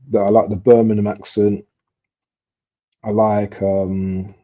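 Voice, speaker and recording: A young man chatting casually while he streams a football match live. He talks in street slang and breaks into excited outbursts at near misses. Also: lowish voice, a little slow, pauses often. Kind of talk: casual live commentary chat. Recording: dull lo-fi stream audio.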